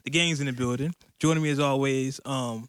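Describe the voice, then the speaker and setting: A man hosting a casual podcast with friends, upbeat and playful. His voice is mid-pitched and dry, as if right on the mic. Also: fairly even intonation, a bit bright, clean tone, dry recording. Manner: hyped, joking, trying a deliberately slow delivery. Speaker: podcast host. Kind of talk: casual chat.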